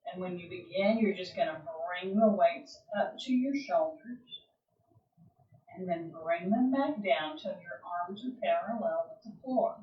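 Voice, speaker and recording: A woman leads a yoga class in a calm, gentle voice, letting long pauses sit between her cues. She speaks very slowly and stays at an ordinary pitch. The sound is distant, roomy and a little dull, like a livestream picked up from across the room. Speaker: yoga instructor. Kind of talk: guided yoga class instruction. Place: home or studio room, livestream.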